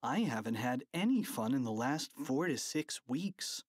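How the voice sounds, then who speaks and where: Narrator voicing an excited little boy, wide-eyed, animated pitch, slow, dry. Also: breathy edge, dry recording. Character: excitable young schoolboy sidekick. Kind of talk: audiobook character voice.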